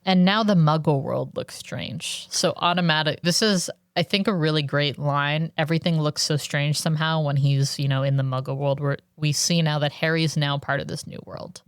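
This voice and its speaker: A woman's voice: sits low, fairly even intonation, normal speed, hardly any pauses, smooth, dry recording, studio quality. A woman co-hosting a podcast, chatting about a book with lots of "like" fillers and thoughtful asides. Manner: chatty, filler-heavy, reflective. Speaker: podcast co-host. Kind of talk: casual book discussion.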